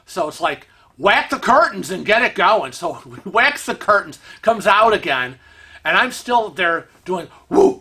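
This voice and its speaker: A man telling a story in an animated, excitable way to his vlog viewers. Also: sits high, a little slow. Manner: animated, excitable storytelling with laughs and acted-out quotes. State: vision impaired, uses a cane. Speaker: vlog host. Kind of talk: casual storytelling.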